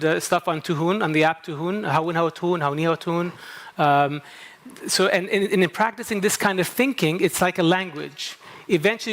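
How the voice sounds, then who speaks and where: With a high-pitched, slightly bright voice, this middle-aged man from Kuwait, working as a psychologist and moderator, addresses a conference from the stage. He sounds American, an accent he gained at a New England summer camp, and he shares stories, voices his inner thoughts, and often asks "okay?".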